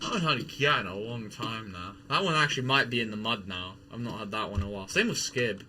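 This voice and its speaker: A young man streaming a game, rambling, excitable and joking, with casual swearing. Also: on the low side, fast talker, slight background noise. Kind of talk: casual chat while gaming.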